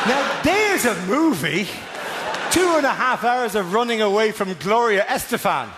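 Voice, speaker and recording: An Irish man performing stand-up on stage, his fairly high voice rising into shouted punchlines and dropping into lower asides. The sound carries a long hall reverb with clear live-room noise around him. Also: unhurried. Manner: animated, swings into loud shouted bits and quieter asides. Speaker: stand-up comedian. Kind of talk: stand-up routine. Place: theatre stage.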